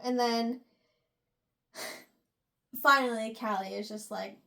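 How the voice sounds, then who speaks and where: A woman's voice: on the high side, steady tone, slow, creaky, long pauses, pushed and bright. A young woman chatting casually as she retells a novel's chapters, filling her talk with "like" and "you know" between laughs and sighs. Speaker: book reviewer. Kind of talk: casual chat, retelling a book.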